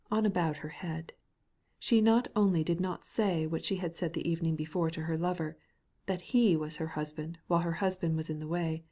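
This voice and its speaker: A woman reads a classic novel aloud in a measured, even way. Her voice sits low and sounds mellow and relaxed. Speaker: audiobook narrator. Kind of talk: scripted narration of a classic novel.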